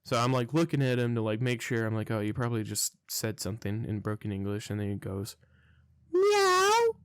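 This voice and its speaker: Young man, casual vlog storytelling, profane, rambling, smooth clear voice, dry close sound. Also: fairly low pitch, level tone, fast, no room sound. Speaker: storytelling vlogger.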